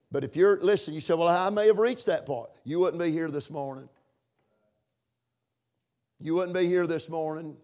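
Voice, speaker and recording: Man preaching a fervent church sermon. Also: a little high. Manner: rises to loud emphatic preaching, drops to quiet asides. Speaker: pastor.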